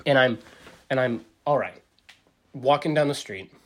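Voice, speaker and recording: A man in his forties rambling through a casual solo podcast monologue, full of fillers and restarts, jumping up in pitch to act out what others said. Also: measured pace. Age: 40s. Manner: acts out quotes with big pitch jumps. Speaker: podcast host.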